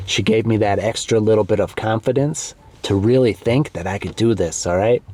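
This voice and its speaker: A man with a somewhat low voice gives a relaxed lesson for learners. He speaks slowly and clearly, repeats key words and keeps checking in with "okay?". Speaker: English teacher. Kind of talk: slow, clear comprehensible-input lesson.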